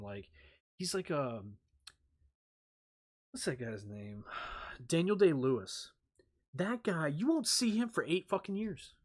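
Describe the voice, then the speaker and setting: A man talking in a rambling casual chat as a streamer, swearing freely and using lots of fillers. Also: medium pitch.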